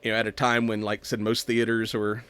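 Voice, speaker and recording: A man's voice: on the low side, monotone, quick pace, fairly bright tone, smooth, no echo. A man casually recapping a movie on a podcast, rambling, laughing often and acting out the lines. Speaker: podcast co-host.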